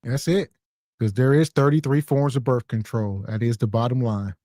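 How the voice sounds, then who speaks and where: A man's voice: mid-range voice, fairly even intonation, normal speed, mellow, no room sound, clean studio sound. A man co-hosting a podcast, delivering blunt, scornful commentary. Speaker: podcast co-host. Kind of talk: casual commentary.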